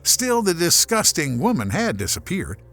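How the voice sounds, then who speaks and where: A man from Germany narrating a horror audiobook as a scripted, expressive storyteller. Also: on the high side, moderate pace, gravelly.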